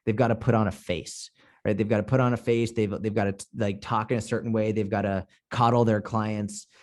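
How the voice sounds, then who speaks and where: A man's voice: on the low side, little pitch movement, a little fast. A man from Boston talking on a podcast as a guest coach, blunt and candid, swearing freely. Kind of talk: casual podcast conversation.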